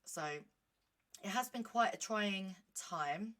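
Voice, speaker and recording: A woman in casual vlog chat, reading a medicine leaflet aloud with animated, self-mocking asides. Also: mid-range voice, slow. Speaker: vlogger.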